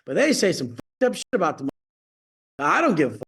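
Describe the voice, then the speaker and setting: A man's voice: fairly high pitch, huge pitch swings, fast, a bit bright, husky. A man coaching clients on a video call, ranting bluntly and profanely, boasting as he goes.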